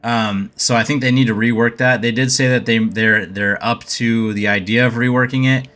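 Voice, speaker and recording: Hesitant man with a bright voice. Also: mid-range voice, steady tone, moderate pace. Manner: hesitant, thinking aloud while clicking through slides. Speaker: gaming video creator. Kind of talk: casual game update overview.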